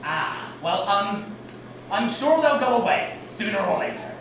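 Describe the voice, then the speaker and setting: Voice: medium pitch, lively intonation, noisy background. A performer on stage playing an eager pirate crew member who teases the audience in a live comedy show. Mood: playful. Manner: playful, loud and slow to the crowd. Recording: echoey stage from far off.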